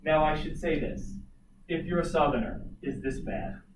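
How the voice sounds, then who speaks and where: Brief: lively male teacher lecturing a class, slightly high voice, heard from across an echoey room. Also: normal speed. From Colorado. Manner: animated, jokey asides to students. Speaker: history teacher. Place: classroom, recorded from afar. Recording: echoey room, distant mic, noisy.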